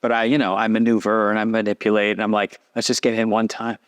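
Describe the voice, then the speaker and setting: A man, a podcast guest telling a long story in a lively casual way and acting out what others said. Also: on the low side, fast talker, clean tone. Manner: animated, acts out quoted voices.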